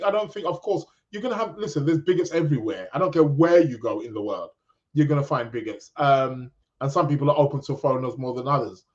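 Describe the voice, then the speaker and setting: A man from England with a British accent, hosting a podcast in a casual, rambling live chat full of restarts. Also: a little high. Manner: rambling, many restarts, chatty. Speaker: podcast host. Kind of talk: casual live-stream chat reading comments. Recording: dull lo-fi sound.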